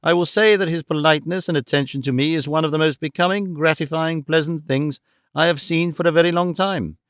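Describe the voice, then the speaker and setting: A man's voice: a little high, a little fast, clear, resonant tone, dry recording, clean studio sound, close to an everyday voice. A man voicing a fussy, scatterbrained middle-aged mother who talks emphatically and exclaims often.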